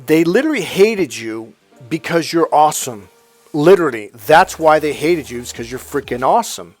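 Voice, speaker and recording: A man's voice: on the high side, big pitch swings, moderate pace. Blunt, profane middle-aged man with music. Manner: blunt and profane, acts out family quotes. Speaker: self-help coach. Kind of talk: casual monologue to camera.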